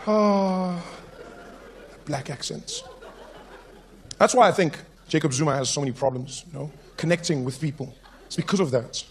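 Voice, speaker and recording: A man with a South African accent doing stand-up comedy, animated, with lots of acted asides. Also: a little high, moderate pace, pauses often.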